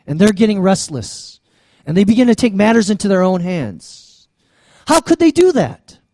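High-voiced pastor preaching, halting restarts. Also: male voice, sing-song, mellow, no room sound. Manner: conversational preaching with frequent stammered restarts. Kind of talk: sermon.

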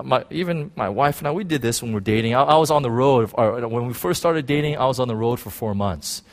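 Pastor preaching with restless energy. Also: male voice, a little high, normal speed. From United States. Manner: animated preaching, many restarts and "you know"; swings between shouting and soft, hushed talk. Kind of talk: sermon.

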